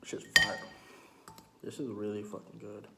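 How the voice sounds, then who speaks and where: A man's voice: fairly low pitch, monotone, a little slow. A young man telling a story casually while eating, slangy and profane, with many fillers. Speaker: mukbang storyteller. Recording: roomy echo, faint background noise.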